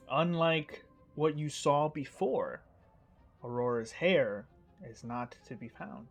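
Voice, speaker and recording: Man narrating as dungeon master. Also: on the high side. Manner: descriptive, restarts mid-phrase. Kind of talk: narrating a tabletop game.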